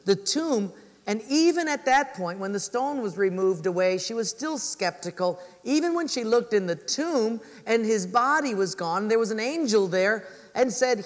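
A pastor with a high voice and lively intonation preaches a sermon at a moderate pace, telling stories and acting out the voices of the people in them. The sound is that of a big room.

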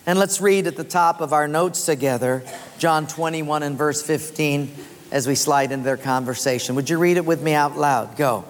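A pastor delivers a sermon in a large auditorium, shifting into conversational, animated storytelling. The voice carries a long reverb that trails through the hall, and the pitch sits in a middle register. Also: normal speed.

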